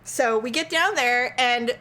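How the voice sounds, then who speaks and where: A woman's voice: a little high, measured pace. A woman co-hosting a podcast, telling a story in casual chat and acting out the voices of the people in it. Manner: animated, acts out voices in her stories. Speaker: podcast co-host.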